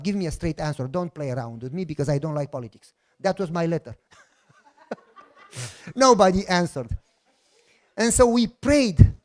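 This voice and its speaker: A middle-aged man with a Romanian accent, preaching a sermon as a lively, joking storyteller who acts out the dialogue. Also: high voice. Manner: animated, jokey, acts out dialogue. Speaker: pastor.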